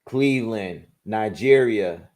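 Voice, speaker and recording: A man with a low-set voice hosting a relaxed livestream from a home setup. He runs through viewer shout-outs in quick bursts and thinks aloud, with restarts, as he gives his own picks. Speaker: boxing livestream host. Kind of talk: casual livestream chat, reading viewer comments.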